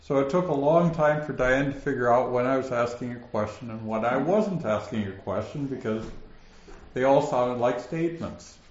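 A man's voice: medium pitch, moderate pace, roomy sound, highs cut off. A man with a northern Minnesota accent teaching a Bible passage, his questions rising so little they sound like statements.

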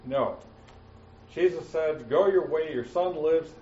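A man teaching verse by verse through a Bible passage, with frequent "uh" fillers and slowing down to stress quoted words. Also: on the high side, warm tone, a little hiss or hum. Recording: roomy, muffled, mic at a distance.

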